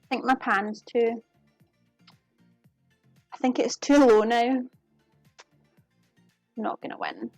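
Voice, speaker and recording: A woman's voice: on the high side, fairly even intonation, slow pace, long pauses, darkish tone, no echo, faint music behind. Woman, cooking streamer, chatty and giggly, close dry sound. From United Kingdom. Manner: chatty, giggly, talks to viewers while working. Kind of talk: casual live-stream chat while cooking. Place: home kitchen.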